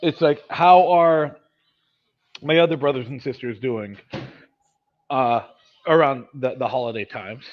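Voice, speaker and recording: A man in his thirties hosting a casual chat, rambling and animated, often mocking voices. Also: mid-range voice, a little slow, long pauses. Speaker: host. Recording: dull lo-fi sound.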